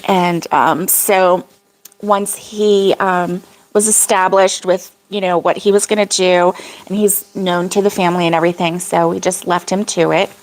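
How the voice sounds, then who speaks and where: An older woman with a lowish, level voice hosts a casual crochet livestream at an unhurried pace. She rambles about her week, laughs often, and reads viewer comments aloud.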